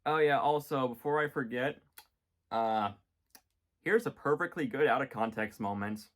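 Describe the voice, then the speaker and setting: A man's voice: medium pitch, moderate pace. A man giving a casual, jokey review of cartoon episodes, wandering off topic with many ums and uhs. His voice sits in a middle range for a man. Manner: rambling, jokey, many fillers. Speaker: vlogger reviewing a cartoon series.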